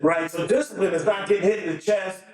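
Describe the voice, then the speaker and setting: Addressing a conference audience in a large hall, this middle-aged speaker has a high voice with fairly even intonation and a quick delivery. His talk is earnest and emotional, but nerves make him restart sentences frequently. He's captured from far away, so the hall echoes.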